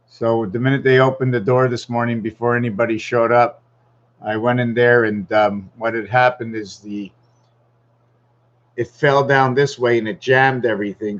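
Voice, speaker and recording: A man's voice: medium pitch, muffled recording. A man rambling in a casual vlog monologue at home, thinking aloud and wandering from topic to topic. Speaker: vlogger.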